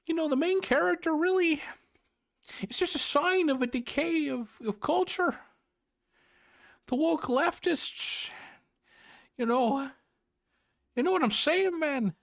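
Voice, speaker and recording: A man doing a comic impression of an emotional, preachy male public intellectual, pushing his voice high and strained. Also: slow, gravelly, pauses often, full character voice. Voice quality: strained high nasal pitch. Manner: earnest, plaintive lecturing.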